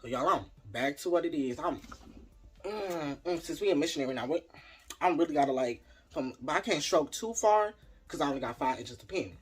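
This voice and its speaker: A man tells a storytime to camera in a lively, chatty way, speaking straight to his viewers. His voice sits a little higher than most men's. Soft music plays faintly underneath. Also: brisk, slightly rough. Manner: animated, chatty, addresses viewers directly. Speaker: vlogger. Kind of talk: casual storytime.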